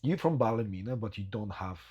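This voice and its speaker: Polish-born podcast host, loose English. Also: male voice, lowish voice, expressive, fairly quick, darkish tone, muffled recording, a little hiss or hum. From Poland. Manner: loose non-native phrasing, tells anecdotes with acted quotes. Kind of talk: casual interview chat.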